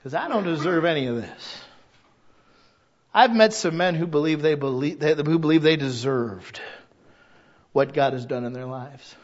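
This pastor preaches in a church sanctuary, his voice a little high and his pace moderate, with frequent pauses. He's frank and pokes fun at himself, shifting from hushed confidences to fervent, booming delivery. The recording's high frequencies are cut off.

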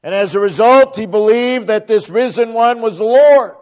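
A man's voice: high voice, normal speed, darkish tone. A man preaching a sermon, emphatic, repeating phrases for stress. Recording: dull lo-fi recording.

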